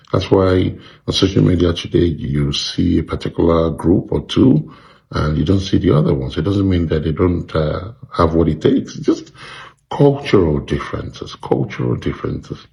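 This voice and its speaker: A man with a very low, gravelly voice that has a dark, mellow tone. He talks through his opinion calmly, reflective and measured, with frequent pauses and fillers. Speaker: commentator sharing opinion. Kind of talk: casual spoken opinion.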